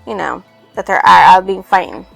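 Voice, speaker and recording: A woman's voice: lowish voice, normal speed, creaky, fairly bright tone, no room sound, faint music behind, poor audio. A woman casually recapping a novel for her channel, rambling and loosely reading out quotes from it. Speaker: book reviewer.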